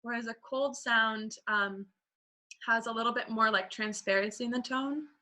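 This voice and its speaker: A woman voice teacher leading a singing class. She talks in a relaxed, conversational way with fillers and breaks into sung examples to show each sound. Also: on the high side, moderate pace.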